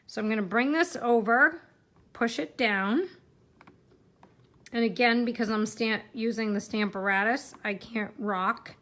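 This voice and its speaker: A chatty woman runs a casual live card-making demo, talking while she works and poking fun at herself. Her voice is on the high side and a bit bright, and she keeps a measured pace.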